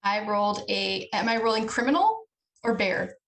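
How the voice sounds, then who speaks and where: A woman's voice: mid-range voice, lively intonation, moderate pace, vocal fry, a bit bright. Woman player, distant from the mic. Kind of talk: tabletop game play.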